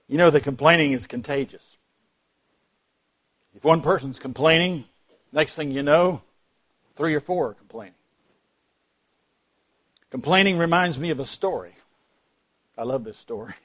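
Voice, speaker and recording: Preacher guy with a high voice, folksy storytelling sermon, cracks jokes at the crowd. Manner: storytelling, folksy and joking with the congregation. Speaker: pastor. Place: church.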